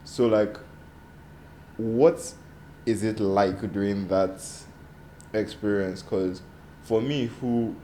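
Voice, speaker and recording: A man's voice: fairly low pitch, takes it slowly, long pauses, slight background noise. A man co-hosting a podcast, steadily framing a question to a guest in casual chat. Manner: steady, backchannels often, frames questions. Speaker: podcast co-host.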